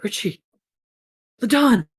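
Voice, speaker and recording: A woman voicing a panicked young man who shouts desperately for help. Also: fairly high pitch, animated, slow, husky, pitched above the performer's own voice, full character voice.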